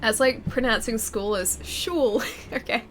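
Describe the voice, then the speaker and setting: A woman with a fairly high voice speaks at a measured pace while casually chatting on her live game stream. She has a cold that leaves her nasal, giggles and pokes fun at herself, and talks into a close, pop-filtered studio mic from her home gaming room.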